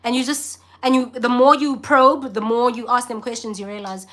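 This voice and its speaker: A woman's voice: on the high side, fairly even intonation, moderate pace, few pauses, fairly bright tone. A South African woman ranting bluntly and emphatically in a casual vlog. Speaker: vlogger. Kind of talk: casual vlog rant to camera.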